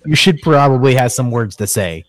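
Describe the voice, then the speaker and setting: A man's voice: medium pitch, expressive, normal speed. A man hosting a casual podcast chat, teasing his co-hosts with dry humor. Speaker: podcast host.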